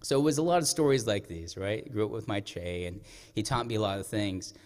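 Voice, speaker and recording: A man from the Navajo Nation telling personal stories on stage, lively and conversational, talking straight to the audience. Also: on the low side, brisk. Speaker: storyteller. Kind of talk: live stage storytelling. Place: stage of a performing arts center. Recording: echoey performing arts hall.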